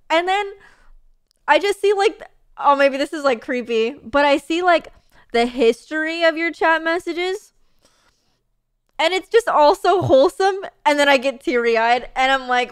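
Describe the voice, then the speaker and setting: A woman's voice: high voice, a little slow, long pauses. A young woman streaming, chatting casually and reading messages, bubbly and gushing with lots of fillers and laughs.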